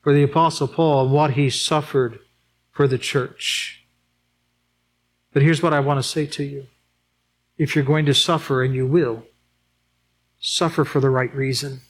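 Male pastor, sermon delivery, higher-pitched voice, rhetorical questions, emphatic swings from urgent to hushed. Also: fairly even intonation, a little slow, pauses often. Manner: emphatic, rising to high urgent peaks then dropping low and quiet; addresses the congregation with rhetorical questions.

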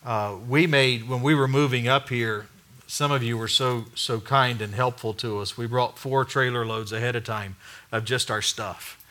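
A middle-aged pastor speaks at normal speed with a medium pitch and steady tone, preaching conversationally while asking his listeners questions and lowering his voice to make a point.

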